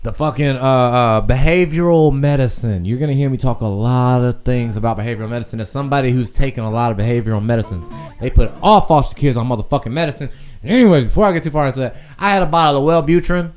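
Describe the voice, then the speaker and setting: A young man hosting a podcast stream, telling a personal story in a candid, profane, animated way. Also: medium pitch, noisy background. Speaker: podcast host.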